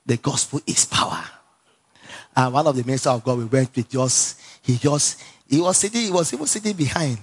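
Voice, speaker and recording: A man with a Nigerian accent preaching a sermon in an animated storytelling way, laughing often, repeating phrases and calling for responses from the congregation. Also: medium pitch, brisk, breathy edge.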